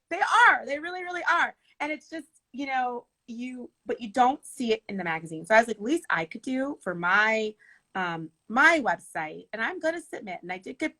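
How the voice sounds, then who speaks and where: Bright-voiced woman telling lively stories. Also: on the high side, poor audio. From Michigan. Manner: animated, laughing storyteller. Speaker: wedding planner. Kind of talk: casual interview chat.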